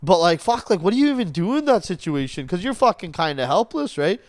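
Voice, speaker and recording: A young man chats casually on a podcast, swearing freely as he tells stories and mimics the people in them. His voice sits high and comes across smooth and clear. The sound is dry and close. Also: very animated, fairly quick, a little mellow, no echo. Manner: profane storytelling, acts out quotes. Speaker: podcast co-host. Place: outdoor porch.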